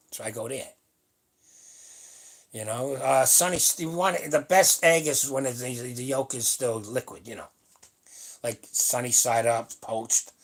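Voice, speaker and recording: An older man in his seventies talks on a live stream in a gravelly, husky voice. His manner is blunt and rambling, with salty asides, and his pitch sits in a middle range. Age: 70s. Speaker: powerlifting channel host. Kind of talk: casual livestream chat. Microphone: webcam or phone on a live stream.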